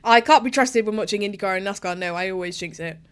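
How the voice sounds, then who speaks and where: A woman's voice: medium pitch, fast talker, smooth. A young woman giving a live, emotional, chatty reaction commentary while watching a race.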